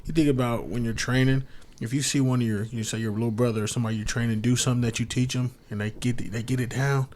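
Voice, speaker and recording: Fast-talking man on a podcast. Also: mid-range voice, steady tone, darkish tone. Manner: quick, affirming listener. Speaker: podcast co-host, basketball coach. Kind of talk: casual chat.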